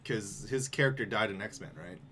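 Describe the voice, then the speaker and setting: A man's voice: lowish voice, moderate pace, sharp tone, slight background noise. A man co-hosting a casual podcast chat, joking and laughing often. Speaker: podcast co-host.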